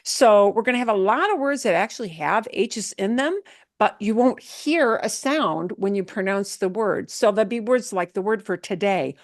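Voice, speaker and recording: A woman's voice: mid-range voice, expressive, moderate pace, studio quality. A woman teaching a beginner language class, patiently repeating words for students to echo and checking in with "okay?". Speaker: Spanish teacher.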